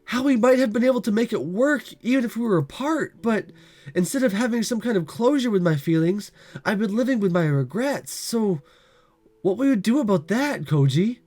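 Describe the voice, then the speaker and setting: A man's voice: high-pitched, animated, moderate pace, darkish tone. A man with a cold voicing an emotional teenage girl who confronts her childhood friend in a visual novel reading. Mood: hurt, accusing. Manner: pleading, rising to accusation. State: has a cold.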